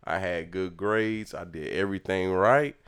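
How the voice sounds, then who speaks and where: Against the noise of a crowd in the background, a young podcast storyteller reminisces about his childhood in a relaxed way, laughing often and imitating the quotes. His voice is low-pitched and his pace moderate.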